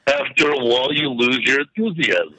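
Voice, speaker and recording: A man's voice: mid-range voice, moderate pace, background noise. A man calling in as co-host, giving wry, laid-back short replies over a phone line. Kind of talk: casual chat.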